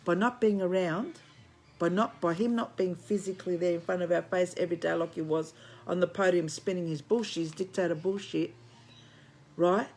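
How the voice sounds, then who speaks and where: Her voice is lowish and darkish, steady in tone and at normal speed, recorded on a phone. A woman of Greek heritage living in Australia, she works as an online spiritual commentator and gives a blunt, sermonizing livestream from home. She swears liberally and refers to viewers as friends.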